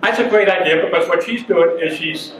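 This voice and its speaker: A high-pitched man jokes his way through a seminar talk, chatty and quick to laugh. He is heard from a distance in a roomy hall, with the audience murmuring around him. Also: crowd noise. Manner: joking, chatty, laughs often. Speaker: seminar speaker. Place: conference room with a live audience.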